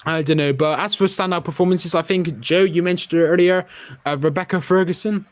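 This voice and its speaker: A man's voice: sits high, fairly even intonation, fairly quick, dry recording. A young man hosting a casual film review podcast, opinionated and chatty. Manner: opinionated, chatty with filler words. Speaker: podcast host.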